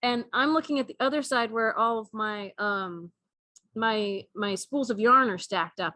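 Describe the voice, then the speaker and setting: Woman, co-host, lively storyteller, laughs a lot, slightly high voice, dry close sound. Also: normal speed, dry recording. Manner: animated, laughing, acts out cat and mouse voices. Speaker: podcast co-host. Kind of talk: casual storytelling chat.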